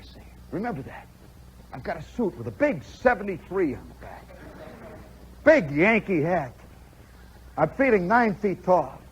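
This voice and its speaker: A man from the Chicago area spins a long story on live radio, his fairly high voice swooping up and down as he talks. He keeps tossing in "see?" and "you know" to pull the listener along. The sound is a dull, muffled 1960s broadcast with a faint hiss underneath. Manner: animated, conversational, full of "see?" and "you know" asides.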